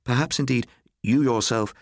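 A man voicing a proud Victorian father who speaks in a cold, measured, weary way. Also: medium pitch, dry recording, studio quality, voice pushed up, lightly acted.

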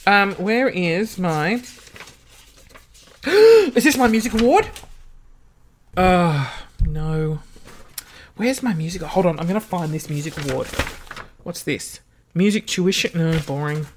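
A young Australian man telling a school story in a casual, animated way, swearing freely and gasping as he sorts through old school papers. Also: fairly high pitch, measured pace, a little hiss or hum. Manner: animated, gossipy, swears freely, breaks into gasps. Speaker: vlogger.

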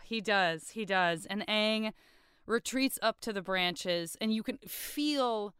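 Woman, podcast co-host, enthusiastic recap chat, very clear voice, dry sound. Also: medium pitch, slow pace, no room sound. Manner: enthusiastic, emotional, animated retelling.

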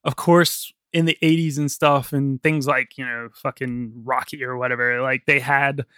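A man's voice: mid-range voice, little pitch movement, moderate pace, sharp tone, smooth, dry recording, clean studio sound. A man hosting a casual film podcast, chatty and swearing casually, laughing often. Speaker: podcast host.

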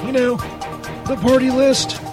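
A man doing a whiny, profane saint, squeaky high voice. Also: completely flat delivery, a little slow, music in the background. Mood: indignant. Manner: whiny, profane, keeps saying "Jesus". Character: crude irritable man playing a saint, who calls everything bullshit.

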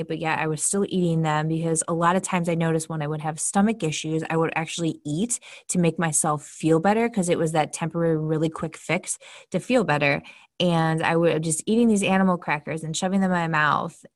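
Lowish-voiced woman coach doing a chatty candid solo podcast, super dry close sound. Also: no echo. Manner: candid, chatty, lightly swearing. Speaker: podcast host and health coach. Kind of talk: casual solo podcast talk.

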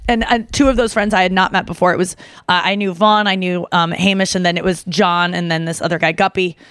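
A young adult woman hosting a podcast, telling a story casually and excitedly, with lots of "like" and acted-out quotes. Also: on the low side, brisk, clear, resonant tone, no echo. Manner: animated, excitable, heavy use of "like"; acts out quoted voices. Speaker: podcast host.

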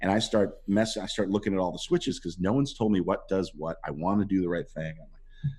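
A man with a very low, deep voice tells animated stories from a film set in a relaxed interview. He acts out other people's lines as he goes, and his pitch swings widely through the telling. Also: brisk, husky. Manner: animated anecdotes with acted-out quotes. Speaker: actor guest. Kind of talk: casual interview storytelling.

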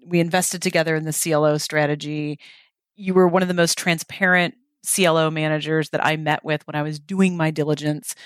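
A woman interviewing a fund manager, recalling their shared history in a measured way before asking her question. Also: sits low, no room sound, clean studio sound. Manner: measured, detailed recollection leading into a question. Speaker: interviewer, investment officer.

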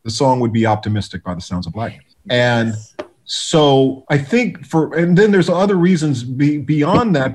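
A man, a guest music producer, telling stories in a relaxed interview, animated and full of restarts. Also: medium pitch, husky. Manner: animated storyteller, many restarts, acts out quotes.

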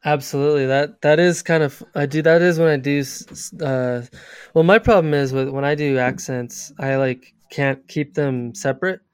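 A man hosting a podcast interview, easygoing and quick to laugh. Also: on the high side, clear, resonant tone, no room sound, clean studio sound. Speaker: podcast host. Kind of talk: casual interview chat.

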